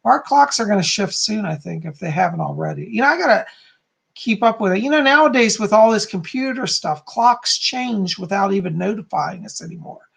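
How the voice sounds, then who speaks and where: A man's voice: sits high, animated, fairly quick, creaky, a bit bright, breathy edge. A man hosting a live psychic medium stream, chatting casually and greeting his viewers by name with an upbeat, friendly manner.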